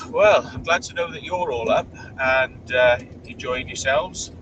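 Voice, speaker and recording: A man's voice: on the high side, fairly even intonation, normal speed, few pauses. A man hosting a casual live stream from inside his car as he drives, chatting and reading out viewer comments. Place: inside a car while driving. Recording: distant mic with loud car noise.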